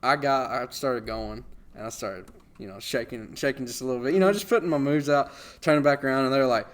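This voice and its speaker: A young man hosts a podcast and tells a casual story with animated energy. He talks in an average pitch and laughs often as he goes. He sounds relaxed and unscripted. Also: a little fast. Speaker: podcast host.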